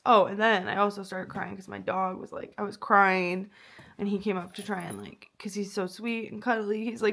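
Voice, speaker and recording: A woman's voice: mid-range voice, moderate pace, gravelly, fairly bright tone. A young woman vlogging about a painful breakup, tearful and rambling, with lots of fillers and swearing. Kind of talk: emotional personal vlog.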